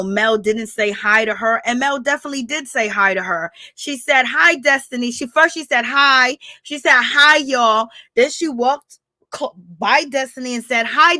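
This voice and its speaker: A woman recaps reality TV drama in a chatty, blunt way, speaking straight to her viewers. Her voice sits a bit high and bright. It sounds close and dry, with no room around it. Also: dry recording. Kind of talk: casual reaction commentary.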